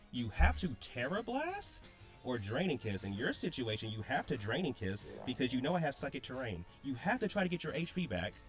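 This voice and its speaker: A young man talking through his own match in blunt, slangy gamer speech that circles back on the same points. His pitch moves all over the place, and soft music plays underneath. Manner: slangy, blunt, repeats himself. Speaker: draft league player. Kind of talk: casual gameplay commentary.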